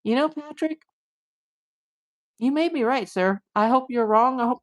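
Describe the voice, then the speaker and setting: A woman's voice: a little high, measured pace. A woman hosting a live stream as a private investigator, talking through a case with emphatic, indignant rhetorical questions. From USA.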